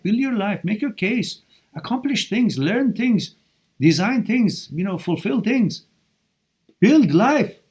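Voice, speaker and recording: A man hosting a live question-and-answer stream, reading viewer questions aloud and answering them with blunt, animated tough-love advice. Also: high-pitched. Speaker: live Q&A host giving relationship advice.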